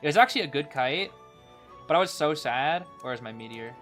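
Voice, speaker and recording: A young man commentating live gameplay as a streamer, excitable, dropping into low groans and then breaking into sudden shouts. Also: fairly quick, soft background music. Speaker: game streamer.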